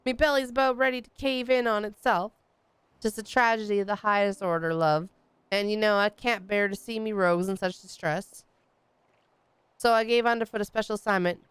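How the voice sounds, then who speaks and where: A woman reading lines as a swaggering male pirate rogue guild master for a game, in rough sailor slang. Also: mid-range voice, fairly even intonation, a little fast, fairly bright tone, dry recording, lightly acted.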